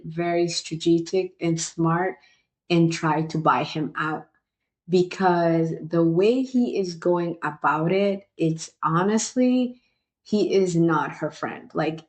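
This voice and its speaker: A young woman recaps a reality show with lively disbelief and strong opinions, slowing down to lean on the words she stresses. Her voice sits a little lower than most women's. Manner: animated, incredulous, opinionated. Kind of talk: casual review vlog.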